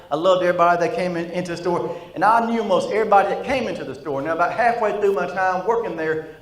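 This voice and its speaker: A man doing stand-up storytelling. He has a stutter and repeats words, and his voice sits a little high. He talks straight to the crowd in an echoey room. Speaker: stand-up comedian.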